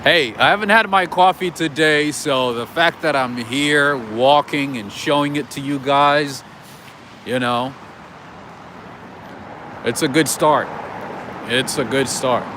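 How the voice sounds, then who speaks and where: A man hosts a live walk through city streets, chatting easily and answering his viewers as he goes. His voice sits at an ordinary middle pitch. Faint street noise runs underneath. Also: slow pace, pauses often, pushed and bright. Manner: chatty, storytelling, reads out viewer chat. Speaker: livestream host. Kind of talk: casual live walking stream, chatting with viewers.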